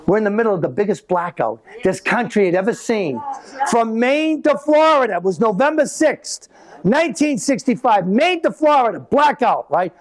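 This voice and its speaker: A man's voice: high voice, expressive, moderate pace. Rambling older man telling stories on stage. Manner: rambling, repeats himself, asks the audience. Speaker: stand-up comedian. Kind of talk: live stand-up storytelling.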